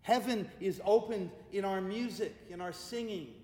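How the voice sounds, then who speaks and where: A man preaching a sermon as pastor, speaking with emphatic repeated refrains and easing into hushed, slow prayer. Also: high voice. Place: church sanctuary. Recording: echoey church hall with long reverb.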